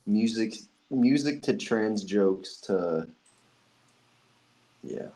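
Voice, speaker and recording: A man co-hosting a casual podcast in a low, mellow and husky voice. He cuts in with dry, exasperated comments. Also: expressive, drawn-out words, low-quality recording. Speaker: podcast co-host. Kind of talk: casual chat.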